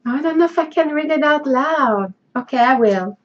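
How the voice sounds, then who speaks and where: Woman vlogger, crafting host, high and unhurried, excitable, dull home audio. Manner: gushing, emotional, laughs often. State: tearful, choked up. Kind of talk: casual unboxing vlog.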